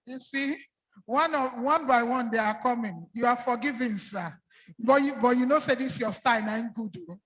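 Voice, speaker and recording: A high-pitched Nigerian man plays emcee, teasing the crowd with jokes and switching into Pidgin. His voice rings out with the long reverb of a large hall. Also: moderate pace, fairly bright tone. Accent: Nigerian, slipping into Pidgin. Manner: playful, teasing. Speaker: master of ceremonies. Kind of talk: joking emcee banter.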